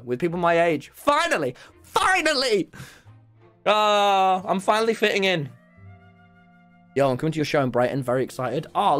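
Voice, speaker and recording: Animated young guy chatting to stream. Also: medium pitch. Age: late teens. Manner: animated, swearing, lively storytelling. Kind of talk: casual chat with live-stream viewers. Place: his office.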